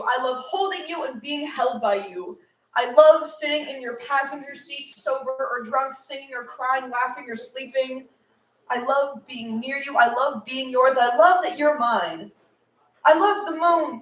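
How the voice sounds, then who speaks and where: A woman with a high, slightly bright voice performs a tender, earnest love poem at a cafe open mic. The live reading is captured in an echoey room with the mic far away.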